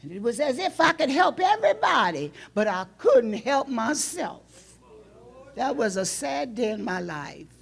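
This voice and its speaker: Husky-voiced woman preaching with sweeping intensity. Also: a little high, very animated, a little slow. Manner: emotional, swings from loud outbursts to near whispers. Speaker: pastor. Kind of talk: sermon. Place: church.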